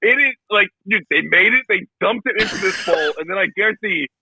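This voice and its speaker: A young man co-hosting a casual podcast, ranting about a movie in a profane, animated way and slipping into mocking impressions. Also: high voice, fairly quick, husky, rough recording. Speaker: podcast co-host.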